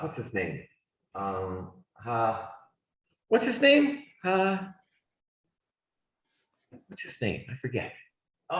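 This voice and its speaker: A man teaching an English class, speaking slowly and deliberately for students. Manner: slow, deliberate speech with lively pitch swings. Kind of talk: classroom lesson. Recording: echoey classroom sound.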